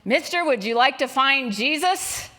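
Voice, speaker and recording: An impatient preacher standing in a river, pushing a question again and again, put on by a woman telling a joke. He sounds insistent and a touch louder than everyday talk, with a middle-pitched voice. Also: expressive, measured pace, big-room sound, heavily acted. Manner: insistent, raised preacher's call. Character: frustrated male baptizing preacher.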